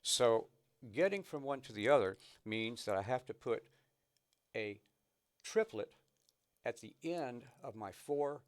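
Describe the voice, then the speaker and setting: A man teaching snare drum technique, patiently explaining and counting rhythms aloud between demonstrations. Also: on the low side. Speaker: drum instructor. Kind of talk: instructional demonstration.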